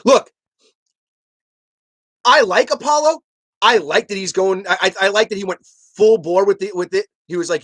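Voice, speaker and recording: A live stream host giving heated commentary, arguing emphatically with chat and rising to near shouts. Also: mid-range voice, unhurried, pauses often, dry recording. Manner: animated ranting, emphatic and repetitive.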